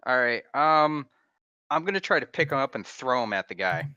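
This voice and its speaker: Bright-voiced joking male player. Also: mid-range voice, animated, normal speed, clean tone, dry recording, muffled recording. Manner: laid-back, joking, profane. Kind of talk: casual tabletop play.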